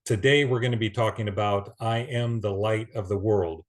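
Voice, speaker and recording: A man giving an earnest Bible teaching, reading scripture aloud with pauses and restarts. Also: on the low side.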